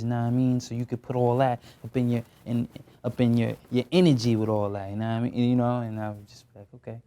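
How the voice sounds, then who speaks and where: A man's voice: mid-range voice, quick pace. A young man in his twenties, an actor talking casually in a studio interview, loose and slangy with lots of fillers. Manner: relaxed, slangy, many fillers. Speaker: actor guest.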